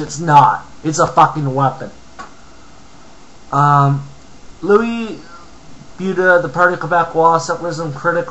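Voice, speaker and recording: A man's voice: fairly high pitch, a bit bright, rough recording. A man reading a news article aloud and breaking off into angry, profane rants about it. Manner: profane, ranting, interrupts his own reading. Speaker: commentator reading and reacting to an article. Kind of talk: angry ranting commentary.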